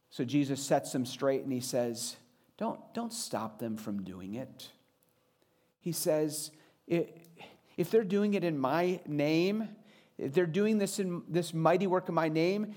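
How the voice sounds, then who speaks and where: A man delivers a sermon in an earnest, teaching manner. His voice sits a touch higher than typical for a man, and he slows down and speeds up to stress his points. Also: darkish tone. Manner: earnest, varies pitch and pace for emphasis. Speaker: pastor.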